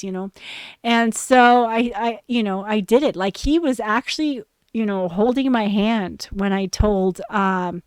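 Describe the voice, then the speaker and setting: A woman hosts a casual podcast, spilling a personal story in a frank, foul-mouthed way. She acts out the lines of the people she quotes. Her voice is smooth and clear, recorded close in a dry, dead space. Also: on the high side, unhurried, no room sound, poor audio. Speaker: podcast host.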